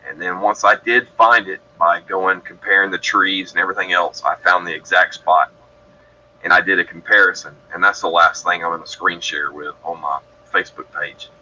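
A man's voice: low voice, fairly even intonation, normal speed, sharp tone, highs cut off. A man from Georgia in the US, telling his story as a podcast guest in a rambling, matter-of-fact way that keeps correcting itself. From Georgia, USA. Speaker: guest describing encounters.

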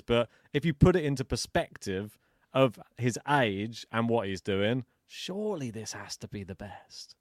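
A man co-hosting a podcast, chatting casually about tennis, animated and laughing often. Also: mid-range voice, normal speed, no echo, clean studio sound. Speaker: podcast co-host.

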